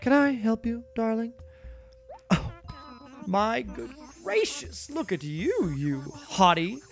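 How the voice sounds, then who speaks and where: A man's voice: very high-pitched, big pitch swings, creaky, faint music behind, pitched above the performer's own voice, full character voice. A man voicing a haughty female giraffe fashion designer from a video game, drawing out every "darling" and rolling his R's. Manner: snooty, drawn-out "darling"s, rolled R's. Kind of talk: reading game dialogue aloud in a voice.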